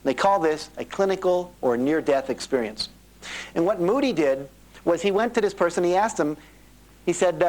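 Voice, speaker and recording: Recorded on an old, low-quality cassette, a middle-aged man gives a motivational seminar to a live audience at a fairly quick pace. With a slightly high voice and lively energy, he narrates stories and voices the characters he quotes.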